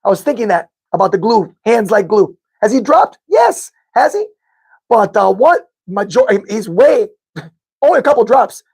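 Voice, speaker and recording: A man's voice: high voice, lively intonation, normal speed, creaky, darkish tone, slightly rough. A man hosting a live sports fan podcast, chatting casually with viewers, rambling and repeating himself as he corrects his own figures. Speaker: podcast host reading live chat.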